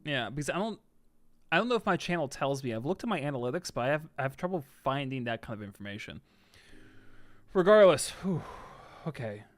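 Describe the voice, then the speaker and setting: A man chatting casually on a live stream, reading viewer comments and swinging between loud excited outbursts and soft asides. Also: mid-range voice, fast talker, dry recording.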